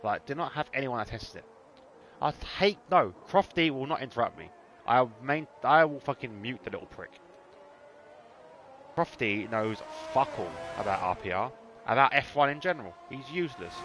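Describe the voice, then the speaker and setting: A man's voice: mid-range voice, lively intonation, moderate pace, background noise. A man in a put-on Irish accent, giving casual, sweary, teasing commentary on a sim racing league. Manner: banter-heavy, sweary, teasing drivers.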